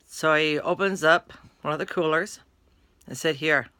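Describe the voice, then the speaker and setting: A woman's voice: low-pitched, fairly even intonation, moderate pace, a bit bright, no echo. A woman telling a story in a casual, chatty way, retelling dialogue with "he goes, she goes".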